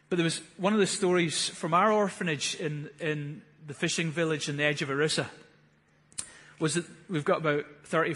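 A man's voice: fairly high pitch, a bit bright, in a large hall. A man, preaching a sermon, earnest and building to fervent emphasis. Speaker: pastor.

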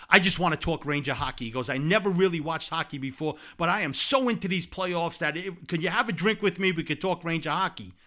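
A man telling a long, lively personal anecdote in casual conversation, laughing along as he goes. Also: a little high. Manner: animated anecdote-telling with laughs and repeated "blah, blah". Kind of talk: casual storytelling chat.

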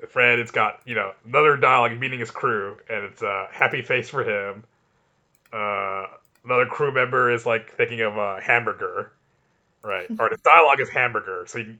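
Brief: forceful bright-voiced man, enthusiastic rambling podcast co-host, muffled mic. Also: medium pitch, a little fast. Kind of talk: casual chat.

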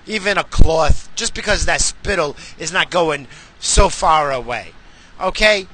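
Sharp-voiced ranting man, swearing hard. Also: on the high side, lively intonation, a little slow, a little hiss or hum. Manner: heated, swearing, bursts into shouts. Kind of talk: profane comedic rant.

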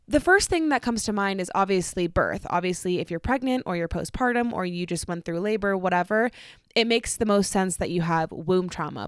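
A woman's voice: fairly low pitch, clean tone, no room sound, studio quality. Bubbly woman hosting a podcast. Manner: bubbly, chatty and self-deprecating. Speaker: podcast host. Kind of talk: solo podcast intro.

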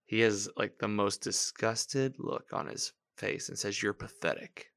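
A man with a fairly low voice hosts a podcast, talking through a TV episode in loose live-watch commentary. He recaps scenes in an animated, chatty way, quoting characters and chuckling as he goes. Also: measured pace, vocal fry. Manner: chatty, animated recapping with laughs and quoted lines. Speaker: podcast host.

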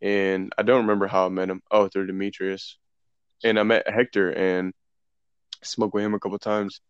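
A young man with a clear, resonant, low-leaning voice tells a profane story at normal speed among friends, animatedly acting out quoted dialogue. He's a podcast co-host, and the dull, dry lo-fi recording has no echo.

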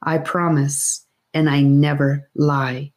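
A woman voicing a gentle, wise male guide in an audiobook, speaking calm and measured. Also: deep voice. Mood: reassuring.

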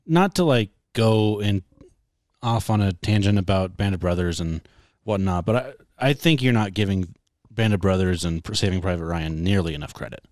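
A man with a very deep voice argues his film opinions with friends, firm and teasing. The recording is dry and close. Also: moderate pace, a little mellow, no echo. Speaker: podcast co-host. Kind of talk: casual movie discussion.

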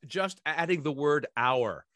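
A man in casual podcast talk, emphatic and wry, stumbling through restarts and fillers as he works out his point. His voice sits a little on the high side for a man. The sound is close and dry, with no room around it. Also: expressive, unhurried, fairly bright tone, no room sound. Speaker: guest, theatre director and writer.

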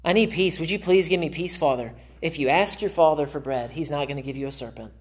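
A man's voice: on the high side, fast, slightly rough. A man preaching in a church in an earnest, conversational way. He speaks as a pastor, giving a sermon to his congregation. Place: church sanctuary.

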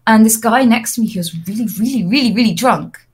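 Young woman telling lively stories. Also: on the high side, fast, slightly rough. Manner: lively anecdotes, frequent fillers and restarts. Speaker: interview guest, streamer. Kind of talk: casual storytelling.

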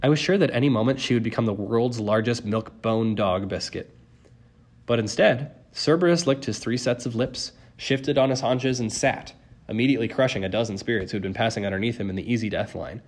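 Casting: male audiobook narrator, mid-pitched, steady and wry first-person storytelling. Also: fairly quick. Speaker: audiobook reader.

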